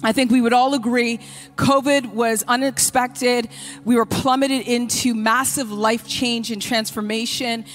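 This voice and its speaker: A woman's voice: on the high side, fairly even intonation, a little slow, soft background music. A woman pastor preaching a sermon in a church, passionately acting out cries of prayer.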